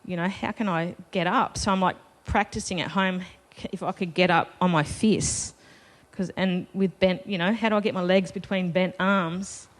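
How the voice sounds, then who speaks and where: A woman's voice: on the low side, steady tone, moderate pace, few pauses. A woman telling a personal story to a live festival audience, chatty and self-deprecating, laughing between lines. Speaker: festival panel speaker.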